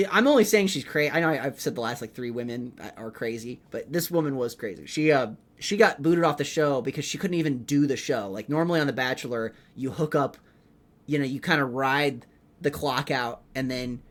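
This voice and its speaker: Young guy comic rambling on his podcast, swears a lot, says like constantly. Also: mid-range voice. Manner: rambling, animated, profane, lots of "like". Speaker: podcast host, rookie stand-up comedian. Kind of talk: rambling comedic podcast monologue.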